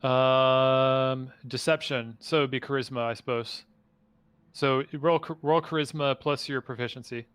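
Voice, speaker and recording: A man's voice: medium pitch, steady tone, a bit bright, smooth, dry recording. A man running a tabletop game as dungeon master over a video call, rambling and often restarting his sentences. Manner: rambling, halting, many restarts.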